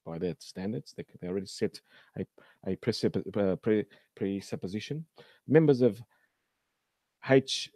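A man's voice: lowish voice, lively intonation, unhurried, warm tone, dry recording. A man hosting a casual science commentary, talking with many fillers and restarts and a sarcastic edge. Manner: sarcastic about news articles. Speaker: host.

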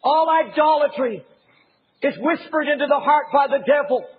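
A man preaching an impassioned sermon as a pastor, often raising his voice to a shout. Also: very high-pitched, moderate pace, narrow, tinny audio.

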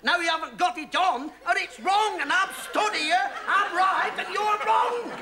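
A man's voice: very high-pitched, unhurried, a loud crowd. A man, one half of a comedy double act, playing the bossy, exasperated straight man in a scripted sketch. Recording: noisy TV studio with loud audience laughter.

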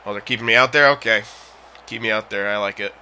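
A young man commentating his own hockey video game, frustrated, yelling at teammates and sighing. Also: fairly low pitch, fast talker, slight background noise. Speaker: gaming channel host. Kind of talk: live gameplay commentary.

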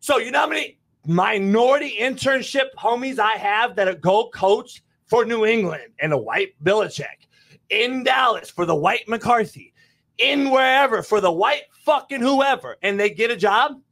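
A sports talk host with a strikingly high voice argues loudly and combatively, cursing as he presses his point. His tone is bright and forceful, cutting through the heated debate. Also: lively intonation, normal speed, vocal fry. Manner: loud, combative, swears often.

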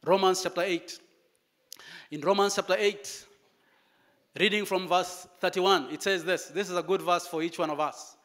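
Preacher, male, high voice, animated storytelling sermon delivery. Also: normal speed, long pauses.

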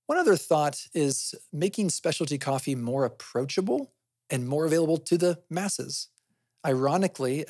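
A man's voice: medium pitch, darkish tone, slightly rough, dry recording, studio quality. A man hosting a podcast, explaining things in a conversational way and often asking himself questions, then answering them. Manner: often adds "right?" as a tag. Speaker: podcast host.

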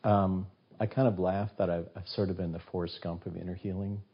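A man's voice: sits low, a little fast, breathy edge. A man in his sixties, a guest author on an interview show, telling stories with animation and acting out the voices of the people in them. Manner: animated storyteller who acts out quoted voices. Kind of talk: casual interview storytelling. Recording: dull, muffled recording.

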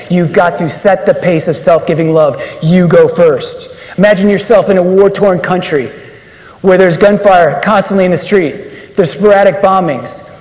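A slightly mellow, high-pitched male voice preaches with emphasis and rhetorical questions in an uplifting religious address to a men's conference. The setting is a large conference hall, and the sound carries an echoey reverb.

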